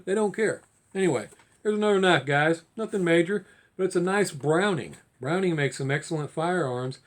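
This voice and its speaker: A man with a drawl chats to camera in a hobby vlog. His voice sits a bit high for a man. He rambles, restarts his sentences and grows heated the longer he talks. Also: normal speed. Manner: rambling, repeats and restarts, gets heated and fired up. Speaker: diecast collector vlogger. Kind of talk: casual vlog talk to camera.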